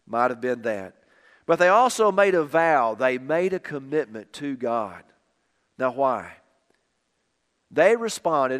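A man preaching a sermon with emphatic, repeated phrases, dropping quiet on key lines. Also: mid-range voice. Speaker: pastor. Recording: long reverb of a hall.

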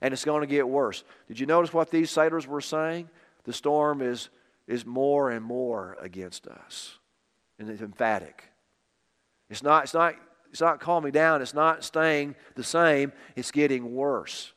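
A man preaching a sermon with emphatic, repeated phrases, dropping quiet on key lines. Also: mid-range voice, measured pace. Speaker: pastor. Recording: long reverb of a hall.

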